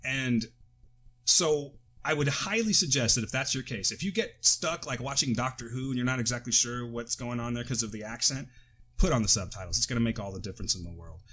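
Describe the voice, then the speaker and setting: A man's voice: mid-range voice, a little fast, a bit bright, a little hiss or hum. Rambling American man on a podcast. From United States. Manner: rambling, with tangents and self-corrections. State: coughing. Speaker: podcast co-host. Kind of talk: casual chat. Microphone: close podcast mic.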